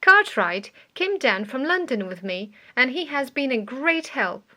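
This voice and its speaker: A woman reading the part of a sharp, commanding male detective in an audiobook, brisk and urgent when alarmed. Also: sits high, very animated, full character voice. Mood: calm.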